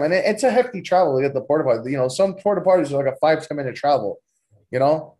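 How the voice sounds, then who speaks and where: A man's voice: a little high, lively intonation, fast, dark tone. A young man telling profane, rambling stories in a loose, joking, casual way as a podcast host. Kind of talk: casual storytelling.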